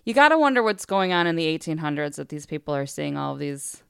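A woman co-hosting a podcast, telling spooky stories in casual chat, animated, laughing often and acting out the voices in her stories. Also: low-pitched, quick pace, vocal fry, clear, resonant tone, no room sound, clean studio sound. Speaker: podcast co-host.

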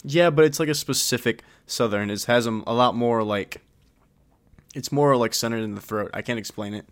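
A man's voice: mid-range voice, normal speed, no echo. A man co-hosting a podcast, chatting casually and animatedly with a friend, swearing and laughing often. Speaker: podcast co-host. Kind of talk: casual chat.

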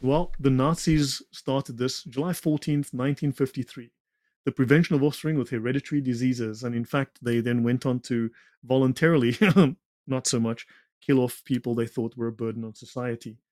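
A man talks through a slide presentation in a lecture-like way, drifting into tangents and dropping sarcastic asides. His voice sits in an ordinary middle pitch. The recording is dry and close, with no room sound. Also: steady tone, moderate pace, a little mellow, dry recording. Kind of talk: lecture-style talk in a conversation.

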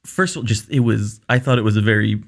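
A man's voice: fairly low pitch, fast. A young man co-hosting a casual movie chat, earnest and enthusiastic, often restarting his sentences. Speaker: podcast co-host.

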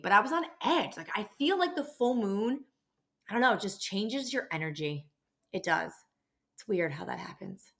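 A woman's voice: mid-range voice, pushed and bright. A woman hosting a podcast, telling a work story in a blunt, exasperated way and swearing freely. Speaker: podcast host and dental office receptionist. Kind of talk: casual storytelling rant.

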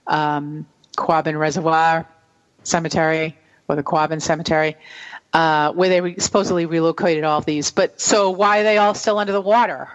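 A woman's voice: deep voice, steady tone. A woman with a New England accent, co-hosting a casual chat and telling a local story in a chatty way. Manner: chatty, laughs easily, slow deliberate storytelling. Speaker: co-host. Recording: dull lo-fi sound.

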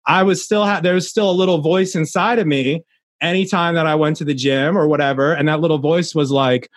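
A man's voice: a little high, fast, dry recording. A young adult man, a podcast guest, talking earnestly in a casual interview, rambling with many restarts.

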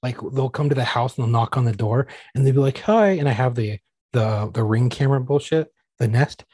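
A man with a husky, mid-pitched voice, recorded dry and close. He trades crude, joking anecdotes in a relaxed podcast chat. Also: a little fast, no echo. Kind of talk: casual chat.

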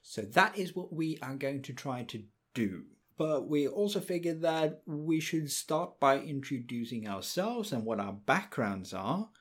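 Slow, measured male podcast co-host. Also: mid-range voice, animated, a bit bright, slightly rough. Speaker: podcast co-host, game master. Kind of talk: casual podcast chat.

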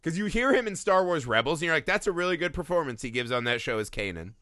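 Animated, bright-voiced man reviewing movies. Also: fairly high pitch, fast, no room sound, studio quality. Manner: animated, swearing, mocking impressions. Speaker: podcast co-host. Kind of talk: casual movie-review chat.

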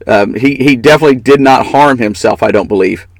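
A man's voice: medium pitch, fairly quick, no echo, rough recording. A man co-hosting a casual political talk show, giving opinionated and mocking commentary. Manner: opinionated, mocking, laughs often.

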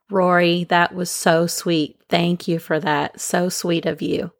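A woman hosting a podcast, talking to her listeners in a calm, gentle, unhurried way into a microphone. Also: lowish voice, gravelly, no echo, studio quality. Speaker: podcast host. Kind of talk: casual chat to listeners.

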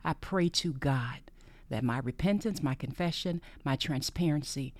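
With medium pitch and a moderate pace, a podcast host speaks earnestly about faith, repeating phrases for emphasis and often lowering to a breathy whisper. There is no echo on the recording.

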